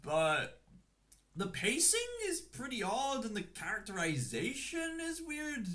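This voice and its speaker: A Scottish man talking through a casual livestream. He is slow and unhurried, and his bright voice swoops up and down as he chats. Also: very high-pitched. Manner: unhurried, chatty, with lively rises and falls. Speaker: streamer ranking animated films.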